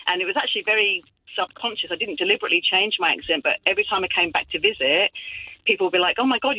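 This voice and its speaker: A woman's voice: medium pitch, bright, forceful tone, rough recording. A middle-aged woman from southeast London with a mixed London and Australian accent, calling in to a radio phone-in and chatting casually with lots of fillers. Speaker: caller.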